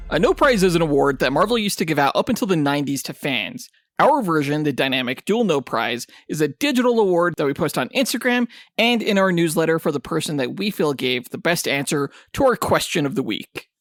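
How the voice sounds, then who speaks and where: An enthusiastic man co-hosting a comic book podcast, chatting eagerly about upcoming projects. His voice sits a bit higher than most men's. The sound is close and dry. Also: fairly bright tone, no echo. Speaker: podcast co-host. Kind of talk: casual podcast chat.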